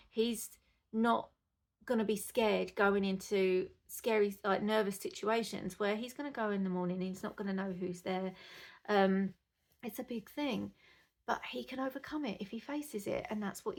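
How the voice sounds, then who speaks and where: A woman's voice: medium pitch, vocal fry. A woman, a mother, chatting to camera in a rambling, casual way that turns indignant. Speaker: mother vlogger.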